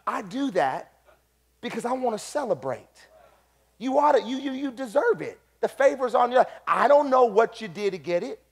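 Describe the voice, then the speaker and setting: A pastor preaching a sermon, animated, swinging between quiet asides and loud, shouted points. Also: male voice, very high voice, normal speed, breathy edge.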